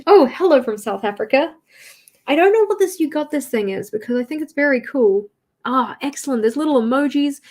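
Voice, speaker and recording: A woman's voice: a little high, a little mellow. An Australian woman hosting a livestream, chatting casually and laughing as she draws and reads out viewer comments. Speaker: livestream host. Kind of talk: casual livestream chat while drawing.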